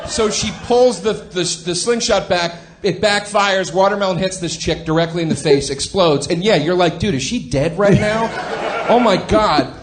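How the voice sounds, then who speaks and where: Ranting man telling comic stories, high-voiced. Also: normal speed. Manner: ranting, profane, acts out quoted people. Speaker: comedian guest. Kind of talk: comedic storytelling on a podcast.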